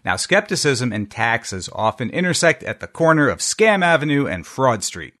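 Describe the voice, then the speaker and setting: A man's voice: medium pitch, big pitch swings, moderate pace, a bit bright. A man from the United States, a podcast co-host, presenting a segment in a wry, joking way during a casual panel chat. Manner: wry, jokey delivery of a prepared segment.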